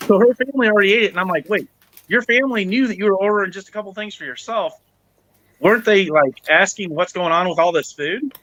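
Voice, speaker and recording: A man hosting a podcast, telling a story in casual chat, animated, acting out the people he quotes and swearing freely. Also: high voice, fast talker, slight background noise, rough recording. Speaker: podcast host.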